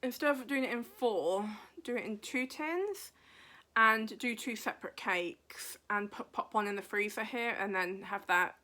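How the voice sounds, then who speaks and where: A woman hosting a craft podcast in casual chat, her voice bright and forward. She rambles and thinks aloud as she pages through a book, sometimes sinking to a near-whisper. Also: mid-range voice, unhurried.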